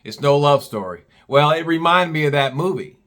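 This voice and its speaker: A man's voice: a little high, animated, moderate pace, a bit bright. A man telling a casual personal story, rambling with many restarts and blunt swearing.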